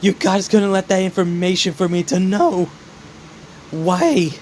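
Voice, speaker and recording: A man's voice: sits high, unhurried, a little hiss or hum. A man voicing a distraught teenage dragon boy. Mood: remorseful. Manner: choked, pleading, rising to cries.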